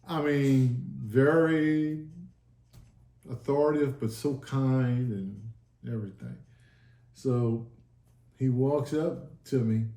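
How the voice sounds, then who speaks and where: A man's voice: mid-range voice, slow, long pauses, dark tone. A man telling his testimony in a casual sit-down talk, earnest and emotional, acting out the dialogue he recalls. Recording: echoey room.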